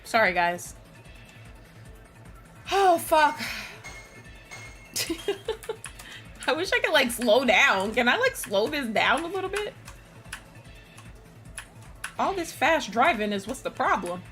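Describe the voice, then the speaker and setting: A woman streaming a video game, chatting casually with her viewers, excitable, laughing and shrieking often. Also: high voice, slow, long pauses, soft background music. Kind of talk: casual live-stream commentary.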